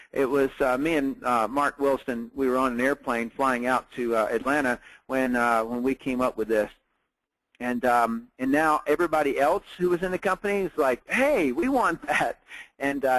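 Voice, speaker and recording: A middle-aged man leads a business training webinar, talking casually and slipping into stories, full of "uh"s and restarts. His voice sits at an ordinary middle pitch. The sound is close and dry. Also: a bit bright, no echo, poor audio. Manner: casual, storytelling with many fillers. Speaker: network marketing trainer.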